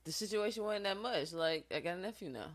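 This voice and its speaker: A man's voice: high voice, animated, a little fast, a bit bright. A man co-hosting a podcast in laid-back casual chat.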